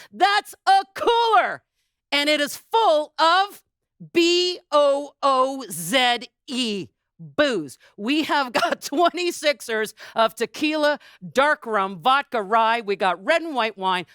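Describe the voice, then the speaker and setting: A woman hosting a charity auction, giving an exuberant, booming fundraising pitch with playful asides. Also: fairly bright tone, clear, resonant tone, dry recording, clean studio sound. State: a little out of breath. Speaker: charity auctioneer and event host.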